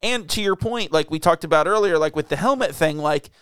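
A man talks through a movie in relaxed podcast banter, rambling with plenty of fillers. His voice is smooth and clear and sits fairly high, close to the mic in a dry, dead room. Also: brisk, no room sound. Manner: rambling, filler-heavy, laughing. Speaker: podcast co-host. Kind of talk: casual movie review chat.

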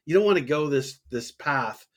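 Halting man co-hosting a faith talk show. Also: fairly high pitch, lively intonation. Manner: halting, many fillers and restarts. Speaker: podcast co-host. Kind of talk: casual religious discussion.

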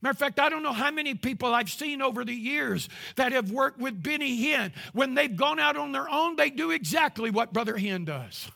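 An older man preaching a sermon as pastor to a live congregation, his passion swelling into shouts. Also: very high-pitched, expressive, fairly quick, creaky, hardly any pauses. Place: church service before a live congregation.

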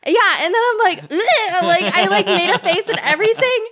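A woman's voice: very high voice, a little fast, fairly bright tone. A young woman guest telling funny stories in a casual, giggly podcast chat, full of "like". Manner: giggly, storytelling with lots of "like". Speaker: guest, cam model.

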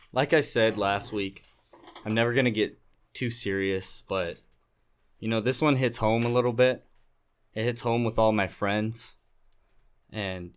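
A man's voice: mid-range voice, a bit bright. A man holds the floor on a casual sports and betting podcast, ranting bluntly and swearing freely. His delivery is loose and joking rather than serious. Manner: blunt, profane, jokey ranting. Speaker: podcast co-host.

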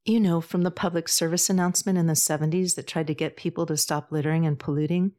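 An earnest, sensitive young woman pleading for the planet in a spoken storybook, patient but passionate, as a woman reader puts her on. Her voice sits low. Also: fairly even intonation, quick pace, mellow, lightly acted.

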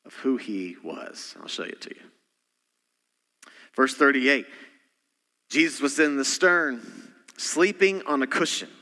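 A man, a senior pastor, preaching a sermon and swinging between loud emphatic lines and quiet, almost whispered asides. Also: medium pitch. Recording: church hall reverb.

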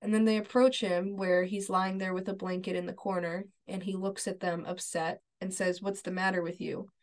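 With a lowish voice and flat delivery at a normal speed, a podcast co-host casually recaps a TV episode, retelling the scenes in order. She's agreeable and leans heavily on fillers such as "like" and "yeah."

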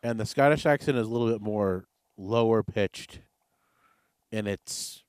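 A man's voice: fairly low pitch, a little slow, a little mellow, clean tone, dry recording. Offhand rambling male podcast host. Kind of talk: casual podcast chat.

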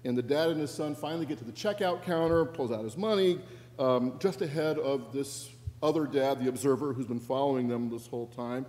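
A man preaching as a pastor, telling a story in a wry, conversational way, his voice softening at the ends of phrases. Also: mid-range voice, brisk. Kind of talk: sermon storytelling. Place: church sanctuary. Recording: long church reverb.

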